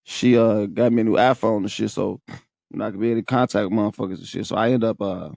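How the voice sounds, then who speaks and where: A man's voice: on the low side, fairly even intonation, fast talker, gravelly, darkish tone, no echo, studio quality. A young man hosting a podcast, telling a personal story in a candid, profane, emotional way. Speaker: podcast host.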